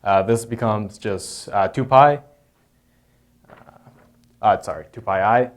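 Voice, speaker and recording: A man's voice: fairly low pitch, takes it slowly. A man explaining a math proof in an unscripted lesson, hesitant, with frequent fillers and self-corrections. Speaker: math tutor.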